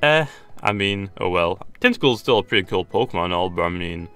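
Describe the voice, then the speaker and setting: A young man giving casual, rambling gameplay commentary in a slightly hoarse voice that he says he is losing, often restarting his sentences. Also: low voice, expressive, a little fast, a bit bright, faint music behind. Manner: rambling, hesitant, frequent restarts and laughs. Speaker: gaming YouTuber.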